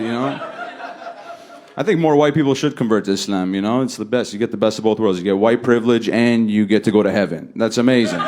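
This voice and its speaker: A man doing a stand-up set on a comedy stage, talking in a laid-back way and jumping high and loud when he acts out other people. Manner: laid-back delivery, jumps high and loud for acted quotes. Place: comedy stage before a laughing audience.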